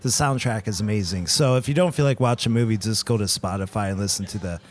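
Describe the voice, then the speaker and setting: A man's voice: lowish voice, quick pace. A man co-hosting a podcast in a diner, giving a recommendation plainly and matter-of-factly. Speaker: podcast co-host. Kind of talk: casual chat.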